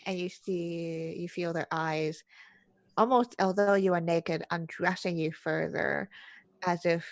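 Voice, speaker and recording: A young woman runs a tabletop horror game, narrating slowly in a low, gravelly voice. Her pauses and fillers set a halting pace, and the sound is dry and close. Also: no room sound. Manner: slow, hesitant narration with fillers. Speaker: game master.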